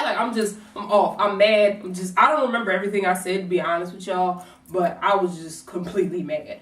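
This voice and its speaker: A woman vlogger telling a personal story in a lively, casual way, swearing and acting out what people said. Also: lowish voice, a little fast, few pauses. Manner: animated, swears, acts out quotes. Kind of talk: storytime vlog. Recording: roomy echo, distant from mic.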